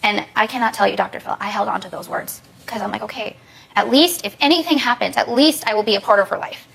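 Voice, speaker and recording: Rapid, emotional young woman on a talk show. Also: mid-range voice, gravelly, a bit bright, slightly rough, rough recording. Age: young adult. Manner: rapid, pleading, emotional storytelling. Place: TV studio.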